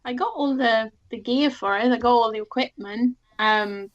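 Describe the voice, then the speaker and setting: A woman's voice: fairly high pitch, normal speed, no room sound. A woman, chatting easily as a guest in an interview and laughing often. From Sweden. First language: Swedish. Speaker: guest artist. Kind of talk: casual interview chat. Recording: dull lo-fi sound.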